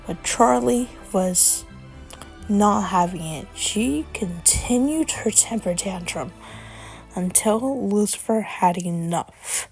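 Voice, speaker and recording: A woman narrating a children's story in a plain, unhurried way. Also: mid-range voice, expressive, a little mellow, faint music behind.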